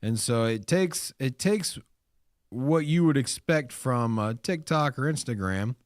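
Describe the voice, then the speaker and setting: A man co-hosting a casual crypto talk show, animated and rambling with restarts and fillers. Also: mid-range voice, unhurried, no echo, clean studio sound. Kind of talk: casual chat.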